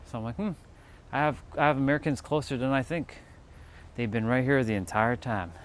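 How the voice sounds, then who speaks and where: A man from California hosts a casual livestream outdoors in hot weather, chatting and counting reps between exercises. His voice is mid-range and a little fast.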